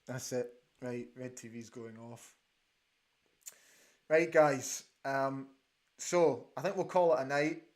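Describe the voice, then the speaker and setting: Excitable man hosting a football watch-along. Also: mid-range voice, slow, long pauses. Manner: excitable, exclaims and repeats himself. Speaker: host. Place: studio.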